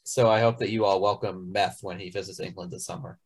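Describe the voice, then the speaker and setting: A man's voice: low-pitched, steady tone, darkish tone, slightly rough. Young guy cohosting a chill podcast, teasing and laughy. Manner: teasing, quick to laugh, explains things. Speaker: podcast co-host. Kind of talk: casual chat.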